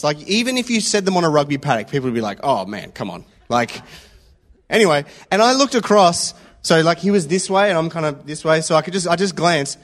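Man, slightly higher voice, relaxed storytelling sermon, asks the room "yeah?". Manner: conversational, anecdotal, checks in with "yeah?". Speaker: preacher. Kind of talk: informal sermon with stories.

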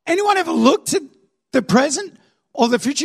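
A middle-aged male preacher giving a sermon with animated comic storytelling, acting out crowds and shouting, then dropping to soft earnest tones. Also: extremely high pitch, normal speed, gravelly.

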